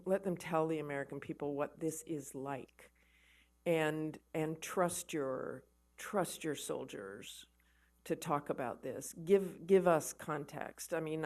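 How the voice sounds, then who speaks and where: A woman giving a conversational lecture to an army audience, telling stories with animated emphasis and often repeating words as she starts a thought. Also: sits low. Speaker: guest lecturer, war correspondent. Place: lecture event for an army association.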